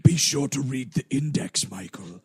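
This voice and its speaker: A man putting on a sinister male video game narrator who taunts the player in a low menacing drawl. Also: animated, normal speed, a little mellow, slightly rough. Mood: taunting. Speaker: podcast co-host.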